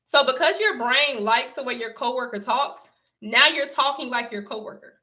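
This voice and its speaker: At a moderate pace, a young woman from the Southern United States addresses her livestream viewers in a high, bright, forceful voice. The stream is casual, and she leans on emphatic repetition and frequent laughs.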